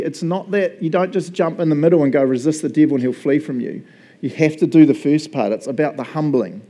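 A male pastor preaching a sermon in a casual, joking, animated way. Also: a little high.

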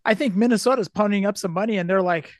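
A man co-hosting a podcast, sick with a cold, with a raspy voice and a laid-back, agreeable way of talking. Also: high voice, fast talker, dry recording, clean studio sound. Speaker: podcast co-host. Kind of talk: casual chat.

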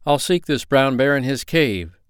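A man's voice: medium pitch, lively intonation, a little slow, clear, resonant tone, dry recording, clean studio sound, voice pushed up, natural voice. A man reading the part of a humble, brave peasant father mourning his lost child. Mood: earnest.

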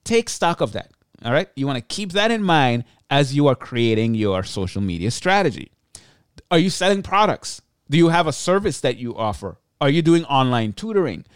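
Male solo podcaster, tired but energetic, talks straight into a dead-dry mic. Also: mid-range voice, normal speed, clean tone, no room sound. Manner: energetic, chatty, self-deprecating asides. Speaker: podcast host. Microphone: close podcast mic.

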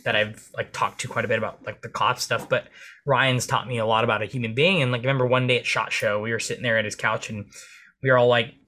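A man speaking as a police officer and podcast guest. He tells energetic stories in casual interview chat and swears freely. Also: fast talker. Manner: acts out dialogue in comic high voices.

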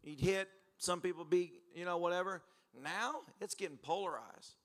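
A man's voice: sits high, normal speed. A male pastor preaching to a church congregation, telling stories with laughter and acting out conversations. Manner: animated, laughing storyteller who acts out exchanges. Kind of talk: sermon with storytelling. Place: church service.

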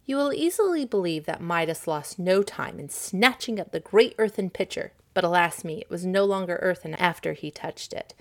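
A woman reading a storybook aloud as narrator, expressive and gently paced. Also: fairly low pitch, moderate pace, hardly any pauses.

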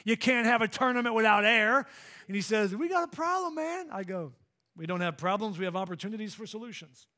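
A man's voice: high voice, brisk. A middle-aged male pastor preaching a sermon in a church, telling stories and drawing in his congregation with questions. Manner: lively storytelling preacher, engaging congregation. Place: church sanctuary.

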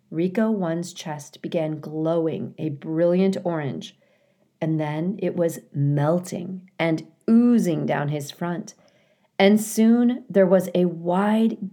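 A woman reading a children's novel aloud at a slow, careful storytelling pace. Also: on the low side, dark tone. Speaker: reader.

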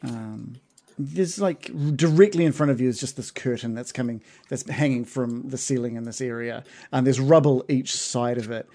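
A man's voice: medium pitch, moderate pace, dark tone. A man narrating as game master of a tabletop game, hesitant, with many fillers and restarts.

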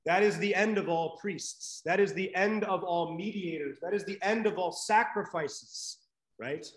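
High-voiced man teaching a Bible class. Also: unhurried, fairly bright tone, echoey room, low-quality recording. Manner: conversational, many fillers and "right?" checks.

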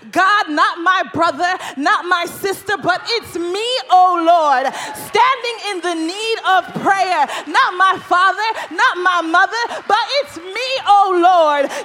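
A woman preaching a sermon, building to impassioned, shouted refrains. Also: extremely high pitch.

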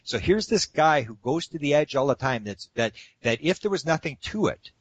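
A man's voice: on the high side, normal speed, slightly rough, no room sound. Man telling stories in a dry room. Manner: animated anecdotal storyteller, acts out quotes. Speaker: guest speaker on UFO topics. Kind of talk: casual storytelling interview.

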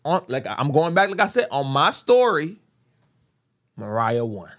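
A man's voice: a little high, sing-song, a little slow, a bit bright. A young man co-hosting a casual podcast chat, playful and argumentative, often repeating himself. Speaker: podcast co-host.

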